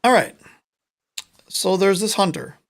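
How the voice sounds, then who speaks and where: A man with a somewhat higher voice tells a long joke on a casual podcast. He acts out the characters' lines with lively, animated storytelling. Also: a little slow. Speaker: podcast co-host. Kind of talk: casual chat, telling a joke.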